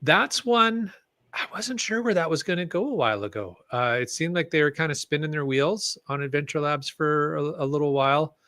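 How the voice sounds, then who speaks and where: A man's voice: on the high side, lively intonation, normal speed, bright, forceful tone, no echo, studio quality. A man co-hosting a casual podcast, reading listener comments and chatting in an easygoing way with plenty of fillers. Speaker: podcast co-host. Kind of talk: casual chat.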